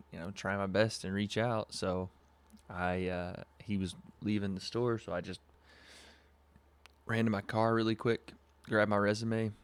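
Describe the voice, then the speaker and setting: A young man from Southern California hosting a podcast livestream, telling a rambling story with lots of fillers, on a webcam mic. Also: fairly low pitch. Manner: laid-back, rambling with frequent fillers and laughs. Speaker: podcast host.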